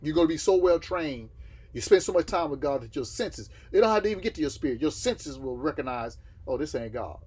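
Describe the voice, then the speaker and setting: Husky man teaching a Bible class. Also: on the high side, lively intonation, quick pace, a little mellow. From Southern United States. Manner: asks listeners questions and answers them himself.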